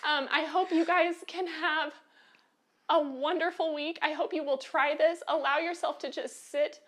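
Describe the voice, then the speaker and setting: A woman's voice: high-pitched, steady tone, a little slow, fairly bright tone. An American woman hosting a quilting lesson, chatty and encouraging, with frequent filler ums. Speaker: quilting show host. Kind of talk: live online quilting lesson.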